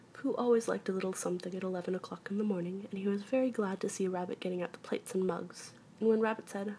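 A woman reading a children's storybook aloud in a soft, hushed voice that often drops to a whisper. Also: mid-range voice, steady tone, fast, hardly any pauses, slight background noise.

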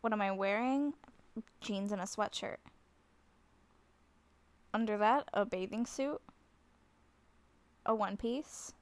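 A flustered, self-conscious woman in a scripted role-play speaks to the listener as if phoning a friend, frequently breaking into nervous laughter. She has a medium-pitched voice, talks slowly with frequent pauses, and the recording has no echo.

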